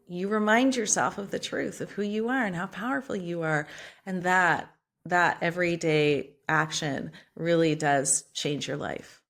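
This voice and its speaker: A woman author appears as a podcast guest, speaking with passion and emphasis in a motivational interview style and swearing casually. Her voice is fairly low-pitched with a fairly bright tone.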